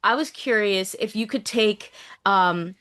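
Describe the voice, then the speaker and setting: A woman's voice: medium pitch, unhurried, sharp tone. A woman interviewer asking actors questions in an upbeat, curious manner with frequent fillers.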